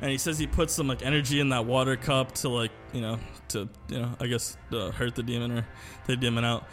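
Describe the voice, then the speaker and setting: A man's voice: mid-range voice, little pitch movement, fast talker, a bit bright, soft background music. A young man co-hosting a podcast, telling a long story in casual chat, rambling with lots of fillers and swearing. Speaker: podcast co-host.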